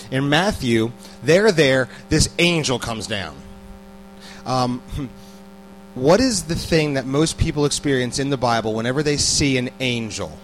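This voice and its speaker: A man preaches in an easy, conversational way, often stumbling over repeated words as he goes. He keeps turning questions back to his listeners. His voice sits at an ordinary middle pitch, with soft music playing faintly behind him. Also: poor audio. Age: adult parent. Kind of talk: casual sermon.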